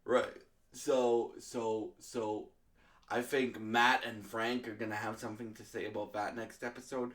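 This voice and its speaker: A man's voice: fairly low pitch, flat delivery, a little slow, a bit bright. A young man from Canada giving a casual, rambling video review full of fillers. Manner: rambling, lots of fillers and restarts. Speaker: show reviewer.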